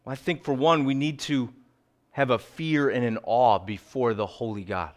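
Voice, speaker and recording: A middle-aged man preaching a sermon as pastor, earnest, sometimes dropping low and quiet for emphasis, sometimes telling lively stories. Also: normal speed. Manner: animated storytelling with acted quotes.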